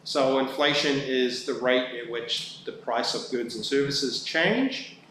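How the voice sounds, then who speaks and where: Halting man in an echoey chamber. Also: mid-range voice, a bit bright. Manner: halting, many fillers and restarts. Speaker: town staff presenting budget. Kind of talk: council meeting presentation. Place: council chamber. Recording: very echoey room, faint background noise.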